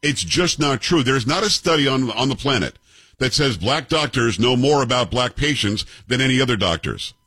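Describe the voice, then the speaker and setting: A man's voice: medium pitch, expressive, normal speed, sharp tone, slightly rough, no room sound. A man in his fifties hosting a commentary show, arguing with clips in a combative, sarcastic way and firing off rhetorical questions. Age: 50s.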